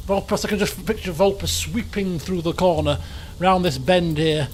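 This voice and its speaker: A man's voice: high-pitched, moderate pace, faint music behind. A man chatting his way through a video game, thinking aloud and poking fun at himself. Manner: chatty, thinks aloud, jokey and self-mocking. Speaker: game streamer. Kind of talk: casual let's play commentary.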